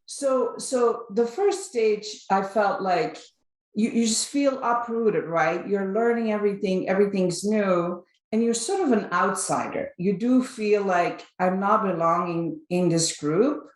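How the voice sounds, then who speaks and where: A woman's voice: medium pitch, unhurried. A woman in her fifties from Belgium, a native Flemish speaker with a Belgian accent, telling her story animatedly as an interview guest, often restarting and adding "right?". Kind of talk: conversational interview. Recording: roomy echo.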